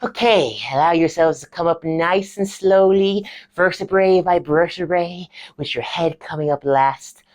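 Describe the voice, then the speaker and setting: High-pitched theatrical drama teacher, effusive and bossy, a woman acting it out. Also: a little slow, hardly any pauses, a little mellow, natural voice. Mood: gushing. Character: gushing theatrical female drama lecturer.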